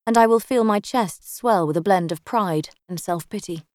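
A woman's voice: mid-range voice, moderate pace, a little mellow, dry recording. A woman narrating a first-person story in a wry, dryly sardonic way, close to the mic. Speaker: audiobook narrator.

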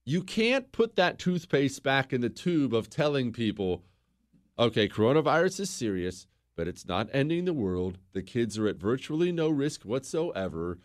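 A man's voice: mid-range voice, sing-song, normal speed. A man hosting a talk show, ranting sarcastically and with emphasis. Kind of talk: opinionated radio talk.

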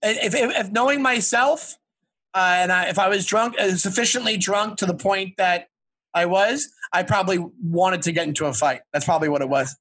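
Brief: male guest from Long Island, high tense bright voice, rambling and self-reflective, dry recording. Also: normal speed, no room sound. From Long Island, New York. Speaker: guest comedian. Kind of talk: casual chat.

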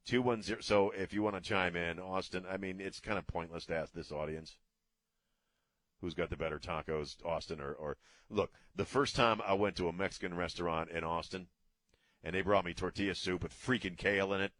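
A man's voice: low-pitched, fairly even intonation, fairly quick, a bit bright, no room sound. A middle-aged man hosting a radio talk show, ranting bluntly in a casual way and cursing freely.

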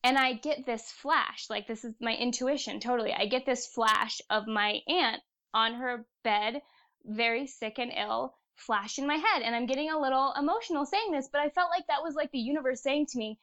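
A young woman guest on a casual podcast, telling personal stories in an earnest, animated way. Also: a little high, moderate pace, highs cut off.

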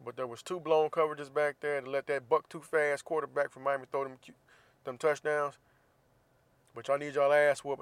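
A man's voice: medium pitch, clean tone, no room sound. A man hosting a casual solo podcast, venting bluntly and profanely about college football. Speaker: podcast host.

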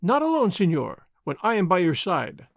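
A man voicing a devoted young noblewoman who speaks softly and earnestly. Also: high-pitched, big pitch swings, normal speed, gravelly, no echo, clean studio sound, heavily acted. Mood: tender. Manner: soft, earnest pleading.

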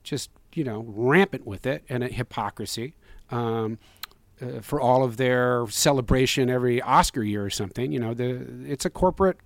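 A man sits for an interview about his film and answers at length in an earnest, rambling way, often restarting his sentences. His voice is mid-pitched and heard through a close mic with no room sound. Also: normal speed, no echo. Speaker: filmmaker guest.

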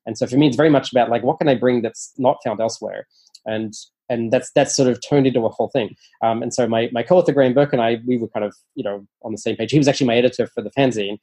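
This nonfiction author, speaking as an interview guest, rattles off stories fast in a mellow, husky, medium-pitched voice. He's animated and chatty, with lots of ums and restarts, frequently performing quotes by raising his voice.

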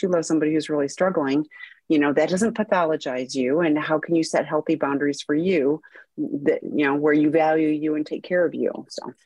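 Woman on a podcast, low voice, reassuring, dry close mic. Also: no echo. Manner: warm, reassuring, speaks about her own recovery. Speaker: podcast co-host. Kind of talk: conversational podcast advice.

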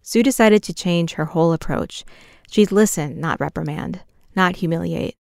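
A woman narrating a documentary from a script in a measured, even way. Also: on the low side, gravelly, dry recording, clean studio sound.

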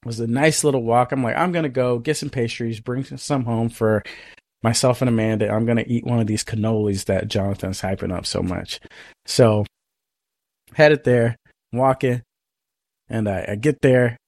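A man's voice: mid-range voice, moderate pace, a little mellow, dry recording, clean studio sound. A man co-hosting a podcast, telling a story in a casual chat and acting out both sides of it. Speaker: podcast co-host.

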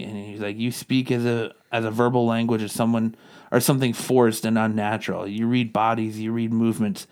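A man with a lowish, darkish-toned voice co-hosts a casual podcast about comics. He rambles through the plot, tossing in characters' lines as he recaps.

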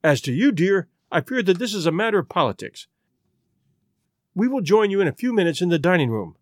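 A man reading the part of an excitable, insistent government secretary, his voice lifting high and loud. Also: fairly quick, no echo, clean studio sound. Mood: agitated.

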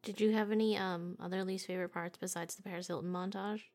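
A woman with a fairly low voice chats casually about movies with her co-host. She is giggly and talks loosely with lots of filler words. Her manner stays light and friendly. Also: fairly even intonation, fast, a little mellow. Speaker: podcast co-host.

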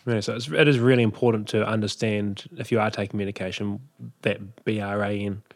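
A man hosts a podcast in casual chat, reacting with quick enthusiasm. He talks fast in a lowish voice, and the sound is dry and close with no room echo. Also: little pitch movement. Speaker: podcast host.

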